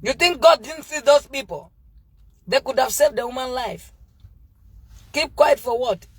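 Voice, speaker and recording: A woman hosting a live stream, talking to viewers in a fervent, preachy way with halting restarts. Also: high-pitched. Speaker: livestream host.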